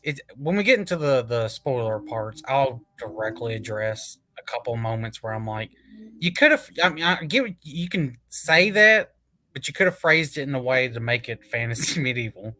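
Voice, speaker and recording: A man hosting a casual comic review chat, excitable, laughing often and swearing casually. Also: mid-range voice, moderate pace.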